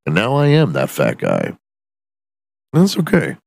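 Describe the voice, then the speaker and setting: Deep-voiced man on a profane rant. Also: wildly swooping pitch, normal speed, creaky, dry recording. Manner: profane, ranting, self-mocking. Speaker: podcast host. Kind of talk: solo comedic rant. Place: alone in his room.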